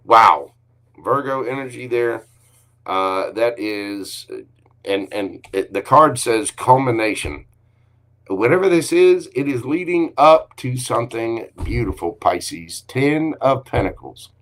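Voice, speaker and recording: A man's voice: medium pitch, lively intonation, slow pace, a bit bright. A man giving a live tarot reading in an upbeat, encouraging way, with frequent exclamations. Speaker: tarot card reader.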